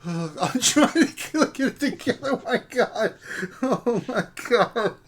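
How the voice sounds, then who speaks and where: A woman's voice: fairly high pitch, expressive, unhurried, a little hiss or hum. A woman co-hosting a casual gaming livestream chat, laughing often and full of exclamations. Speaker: livestream co-host.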